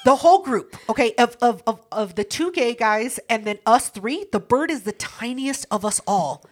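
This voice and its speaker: A woman's voice: on the high side, animated, normal speed. A woman on a casual podcast, telling a story in a brash, profane way.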